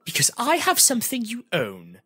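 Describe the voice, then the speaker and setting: A man voicing an eccentric male mask seller in an audiobook, speaking in a high, sing-song, theatrical way. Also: wildly swooping pitch, moderate pace, pushed and bright, slightly rough, faint music behind, full character voice. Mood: ominous.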